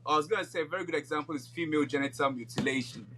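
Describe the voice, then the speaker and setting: A man's voice: on the high side, rapid-fire, a loud crowd. A man from Ghana co-hosting a podcast in casual chat, laying out his views at length and often checking in with "you know". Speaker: podcast co-host.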